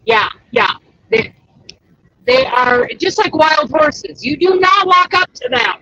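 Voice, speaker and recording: A woman hosting a casual livestream chat as a crochet pattern designer, chatty and excitable. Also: sits high, takes it slowly, highs cut off. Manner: chatty and excitable, exclaims often.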